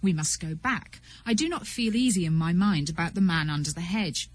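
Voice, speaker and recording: A woman reading aloud, voicing a fretful young gentleman magician in a slightly lower voice. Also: animated, moderate pace, breathy edge. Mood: resolved.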